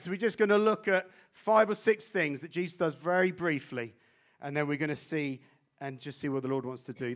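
A man preaching a sermon as a guest speaker, animated and swinging between loud exclamations and hushed intensity. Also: high-pitched.

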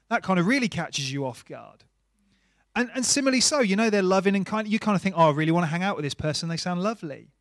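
Middle-aged male pastor, high voice, dry close sound, earnest sermon delivery shifting from soft to emphatic. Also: dry recording. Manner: earnest, varies volume from soft hush to emphatic. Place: church.

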